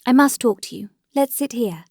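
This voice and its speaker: A woman's voice: animated, moderate pace, a little mellow, no room sound. An anguished noblewoman pleads in a storybook reading, as a woman narrator puts her on. Her begging lines push upward with distress and urgency. The sound is dry and close, with no room around it. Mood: anxious. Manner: pleading, rising to high distress.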